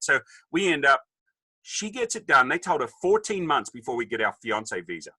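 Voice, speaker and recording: A man's voice: fairly high pitch, big pitch swings, normal speed, sharp tone, slightly rough, no echo, poor audio. A man in his fifties with an Australian accent, telling a joking story as a podcast guest and acting out the people in it. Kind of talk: casual storytelling.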